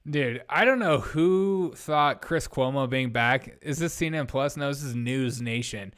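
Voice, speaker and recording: A man's voice: mid-range voice, a little slow, fairly bright tone, clear, resonant tone. A young man hosting a casual live stream, rambling bluntly and reading out viewer comments. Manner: blunt, rambling, reads chat aloud.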